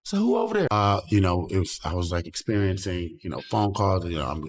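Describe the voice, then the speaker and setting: A man casually telling a story as a podcast guest, animated and acting out the lines he quotes. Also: sits low, brisk.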